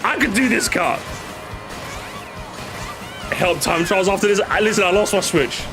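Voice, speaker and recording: A male streamer reacting live to game replays, chatty and excitable, rambling with many restarts. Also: sits high, measured pace, over music.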